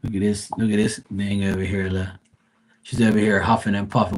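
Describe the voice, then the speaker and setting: Guy with a husky low voice rambling on a home livestream, swears a lot. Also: little pitch movement, fairly quick, rough recording. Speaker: live tarot reader. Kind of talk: casual live-stream chat.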